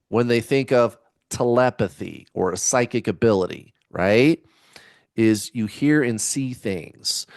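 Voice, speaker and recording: A man's voice: mid-range voice, no echo. Laid-back rambling man, dry sound. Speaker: spiritual vlogger. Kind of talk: casual chat to camera.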